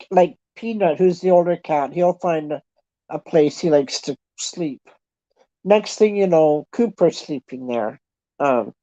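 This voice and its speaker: Canadian lady chatting slow, mellow voice, kinda muffled lo-fi sound. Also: sits low, no room sound. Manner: chatty, self-deprecating, thinks aloud. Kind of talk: casual chat with online viewers. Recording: dull lo-fi sound.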